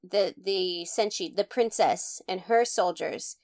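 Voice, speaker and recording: A woman's voice: mid-range voice, slow, darkish tone. A woman co-hosting a casual fan podcast, explaining points in a wry, easygoing way. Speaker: podcast co-host.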